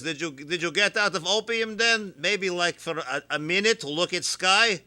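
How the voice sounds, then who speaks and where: A man hosting a comedy radio show, deadpan and dropping little words as he quizzes his guest. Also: high-pitched, normal speed.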